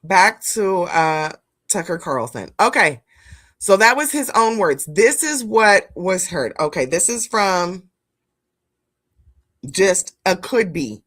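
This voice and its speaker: A woman's voice: lowish voice, slow. A woman streaming live, reacting to news clips and chatting with her viewers, blunt and profane, calling them "family". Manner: animated, blunt, profane, talks to chat as "family". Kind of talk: live-stream commentary chat.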